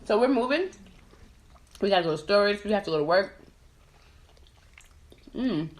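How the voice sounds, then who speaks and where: A woman's voice: medium pitch, animated, moderate pace. Chatty Trinidad-raised woman eating on a podcast. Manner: chatty, laughs easily, talks with mouth full. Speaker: podcast host. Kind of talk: casual chat while eating.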